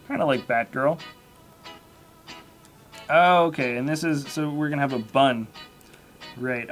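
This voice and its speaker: A man's voice: fairly high pitch, fairly bright tone. A man hosting a live building stream, chatting casually and rambling as he corrects himself. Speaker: livestream host. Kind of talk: casual live unboxing chat.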